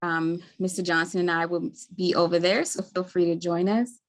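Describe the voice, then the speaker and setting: Brief: woman, Baltimore accent, lowish voice, easygoing webinar host on a video call. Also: fairly even intonation, moderate pace. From Maryland, US. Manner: friendly, chatty, many ums. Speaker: webinar host, community health worker. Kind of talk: casual webinar hosting.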